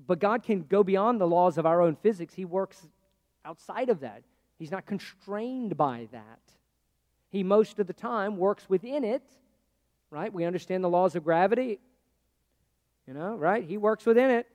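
Male pastor, sermon, high voice, chatty delivery with big shifts between loud and hushed, long hall reverb. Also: animated, normal speed. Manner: conversational preaching, swinging from loud to hushed.

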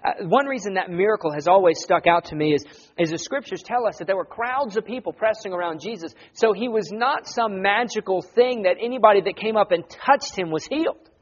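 A man preaching a sermon in an earnest, conversational way that rises to loud emphasis. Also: high voice, lively intonation, fairly quick, dull audio.

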